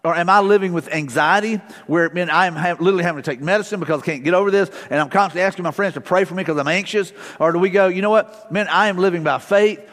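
Middle-aged male pastor, fairly high voice, chatty sermon delivery, long hall reverb. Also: fast, hardly any pauses, fairly bright tone. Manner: casual, storytelling, frequent fillers and restarts. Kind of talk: conversational sermon.

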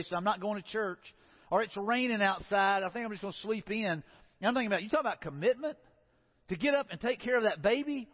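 A man preaching a sermon as pastor to his congregation, earnest, sometimes dropping low and soft for emphasis. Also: slightly rough. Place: church sanctuary. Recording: dull sound with long hall reverb.

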